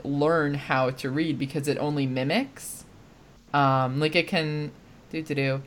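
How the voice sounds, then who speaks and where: Woman host with a low voice and an unhurried pace. She leads a relaxed podcast chat, filling gaps with ums and little hummed pauses. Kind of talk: casual chat.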